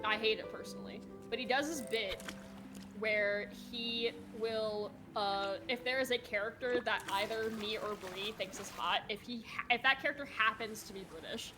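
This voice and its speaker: A woman's voice: on the high side, normal speed, music in the background. A woman chatting casually on a live stream, laughing often and acting out mock outrage.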